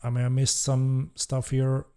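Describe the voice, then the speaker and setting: In a clean-toned voice of medium pitch, a man hosting a casual live-stream Q&A as a game developer reads questions from chat a little slowly. His speech is relaxed and hesitant, with casual swearing.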